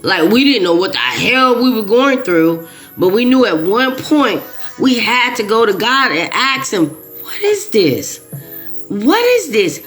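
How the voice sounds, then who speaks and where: A woman's voice: a little high, lively intonation, unhurried, a bit bright, soft background music. A woman talking straight to her viewers in a casual monologue. She is emphatic and repeats herself often, with frequent restarts. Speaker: video creator.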